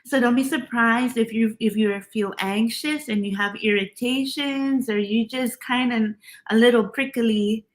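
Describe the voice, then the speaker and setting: A woman's voice: a little high, steady tone, a little slow. A woman hosting a tarot reading livestream, chatting casually, laughing often and greeting viewers by name.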